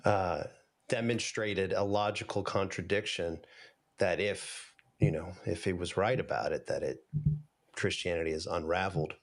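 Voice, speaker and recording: Southern pastor, mid-pitched, funny anecdote teller, easygoing panel chat. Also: male voice, normal speed. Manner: humorous storyteller, self-deprecating. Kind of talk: casual panel discussion.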